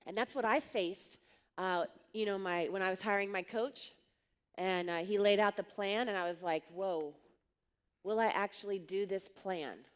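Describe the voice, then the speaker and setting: A woman's voice: medium pitch, normal speed, smooth, big-room sound. A woman giving a live talk on coaching at a conference, telling stories bluntly and directly and acting out the voices of people she quotes. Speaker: coaching business speaker. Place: large conference hall.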